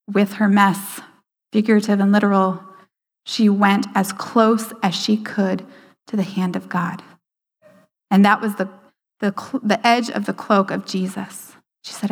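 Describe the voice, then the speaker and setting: A woman giving a sermon, slowing down for emphasis and dropping to a hushed voice for quoted lines. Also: mid-range voice, fairly even intonation. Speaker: speaker at a church service. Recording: hall reverb.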